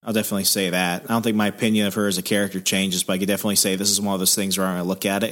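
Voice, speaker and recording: A man's voice: low-pitched, flat delivery, rapid-fire, hardly any pauses, fairly bright tone. A man co-hosting a podcast in casual chat, dropping jokey asides. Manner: jokey asides, playful quips. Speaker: podcast co-host.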